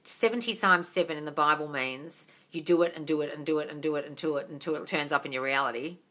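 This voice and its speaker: A woman's voice: a bass voice, sharp tone. A woman from Australia who hosts a casual live-stream Q&A, reading out viewers' comments and answering them bluntly, with plenty of swearing. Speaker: manifestation coach answering live questions. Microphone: phone.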